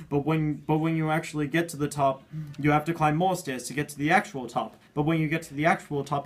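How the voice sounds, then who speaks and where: A young man in a student comedy sketch, rambling and jokey as he gives directions. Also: on the high side. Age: young adult. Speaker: student actor.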